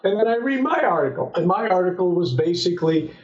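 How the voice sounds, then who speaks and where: An older man from Southern California, a former pro football player, telling lively anecdotes as an interview guest, often restarting his sentences. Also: high voice, fast talker. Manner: animated anecdotes with frequent restarts. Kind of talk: relaxed storytelling in an interview. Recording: echoey, slightly dull sound.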